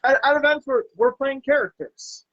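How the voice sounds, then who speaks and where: A man's voice: extremely high pitch, normal speed, dry recording, highs cut off. A man hosting a casual chat, talking hesitantly with many fillers and laughing easily. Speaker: podcast host.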